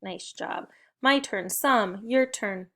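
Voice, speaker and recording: A woman's voice: medium pitch, slow pace, a bit bright. A young adult woman, leading a recorded spelling and phonics lesson for young children with cheerful, encouraging call-and-response prompts. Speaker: teacher.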